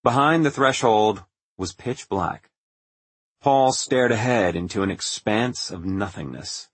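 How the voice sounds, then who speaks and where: A male narrator reads a story in a measured, even manner. His voice is husky, and the recording is dry and close, with no room sound. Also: lowish voice, no room sound. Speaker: audiobook narrator. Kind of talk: scripted narration.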